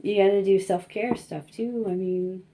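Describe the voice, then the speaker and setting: A woman's voice: medium pitch, steady tone, normal speed, warm tone, slight background noise. A young woman giving a casual tarot reading, rambling and self-conscious, laughing often and filling her talk with likes and you-knows. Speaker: tarot reader.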